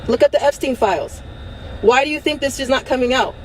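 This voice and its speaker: A woman's voice: high-pitched, fairly quick, slight background noise. A woman delivering an impassioned, angry rant to her viewers, blunt and swearing, hammering her points with repetition. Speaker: online commentator.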